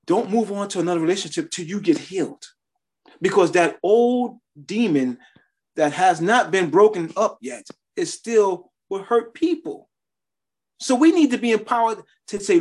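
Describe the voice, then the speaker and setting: A man's voice: high-pitched, expressive, normal speed, a little mellow, husky. A man preaching a sermon, sharing his testimony in a conversational style with emphatic rises.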